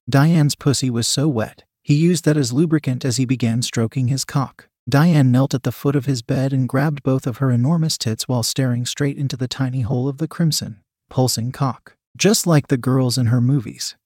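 Husky man reading a story. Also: mid-range voice, darkish tone, dry recording, studio quality. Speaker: narrator. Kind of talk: audiobook reading of adult fiction.

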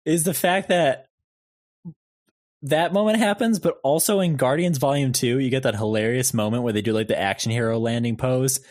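A man's voice: medium pitch, normal speed, darkish tone, no room sound, studio quality. Laughing young man telling rambling stories. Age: young adult. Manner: laughs often, rambling storyteller, swears casually. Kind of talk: casual movie chat.

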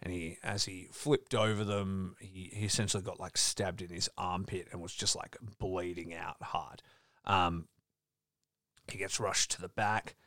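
A man's voice: sits low, little pitch movement, unhurried, a bit bright, no room sound, clean studio sound. A man telling a story in casual chat, rambling with lots of fillers. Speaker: podcast host.

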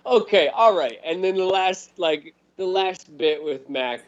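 A man in casual podcast chat, telling a story in a lively, profane way and laughing often. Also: high-pitched, measured pace. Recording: dull lo-fi recording.

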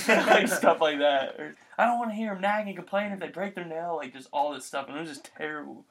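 Young man with a slightly high voice. He tells lively stories in a casual chat and acts out the other people in them. His voice is clear and fairly bright. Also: quick pace, hardly any pauses. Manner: animated storyteller, acts out quotes.

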